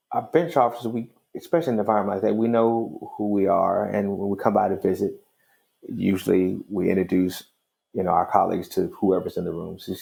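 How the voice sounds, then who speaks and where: A middle-aged man, a judge, telling a story in an interview in a calm, wry, conversational way. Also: low voice, vocal fry.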